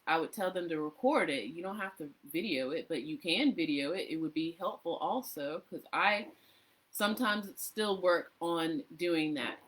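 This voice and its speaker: A woman's voice: fairly low pitch, a little hiss or hum. A woman voice coach giving tips in a casual live online session, chatty, laughing often and acting out little voices.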